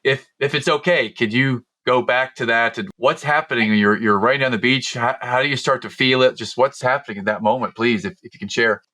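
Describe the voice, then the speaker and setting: Bright-voiced male podcast host. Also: mid-range voice. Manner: curious, halting questions with restarts. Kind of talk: interview conversation.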